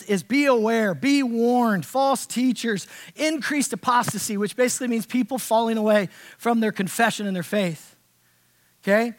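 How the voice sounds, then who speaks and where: High-voiced man preaching a sermon. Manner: conversational preaching, swings from hushed to loud. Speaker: pastor. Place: church sanctuary.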